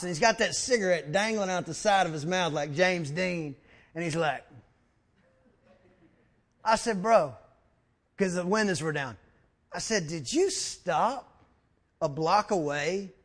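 A man preaching a sermon, telling stories and acting out quotes with lots of repeated words. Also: high-pitched. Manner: animated, acts out quotes, repeats words when excited. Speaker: pastor. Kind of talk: sermon with storytelling.

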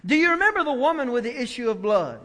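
A male pastor preaching a sermon, swinging from soft asides to loud, emphatic declarations. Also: extremely high pitch, sing-song, quick pace. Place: church sanctuary. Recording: long church reverb.

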